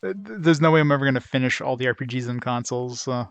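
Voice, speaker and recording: A man's voice: mid-range voice, fast, creaky, no room sound, lo-fi sound. A man hosting a let's play, giving casual, rambling and wry gameplay commentary. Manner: rambling, wry, filler-heavy.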